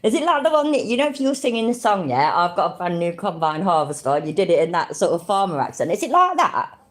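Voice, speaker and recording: A woman's voice: medium pitch, sing-song, quick pace. A woman from Middle England, chatting casually on a live stream, easily amused and laughing often. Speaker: streamer reacting to videos and chat.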